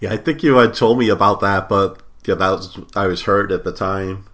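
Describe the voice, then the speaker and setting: A man's voice: low voice, normal speed, a crowd in the background. A man in casual chat, easygoing and mostly giving short replies. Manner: easygoing, brief replies, laughs along.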